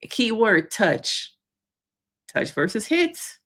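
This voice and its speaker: A woman therapist with a lowish voice and slow pace recaps a reality show episode in a casual, animated way. She plays out the quotes and laughs along the way.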